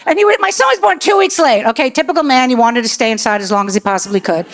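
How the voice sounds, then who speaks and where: A woman's voice: high voice, lively intonation, fast talker. A woman doing profane stand-up comedy with crowd work on a comedy club stage. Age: 60s. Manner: brash, profane storytelling. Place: comedy club stage before a live audience.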